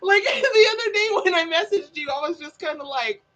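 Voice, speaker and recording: A woman chats on her stream in a high, lively voice. She is bubbly, laughs often and slips into silly voices. Her tone is bright and animated. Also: a little fast. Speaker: livestream host. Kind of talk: casual chat.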